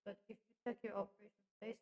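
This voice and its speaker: A woman's voice: mid-range voice, level tone, fast talker, darkish tone. A woman streamer chatting in character with viewers at her debut, theatrical and affectionate, calling them darling. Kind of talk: in-character livestream debut chat.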